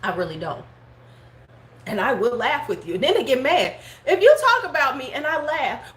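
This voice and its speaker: A woman's voice: high voice, animated, normal speed. Blunt middle-aged woman vlogger, roomy sound. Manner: blunt, frank, laughs often, curses freely; talks back to live chat comments. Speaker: beauty vlogger host. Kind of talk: casual livestream chat. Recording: roomy home room with faint background noise.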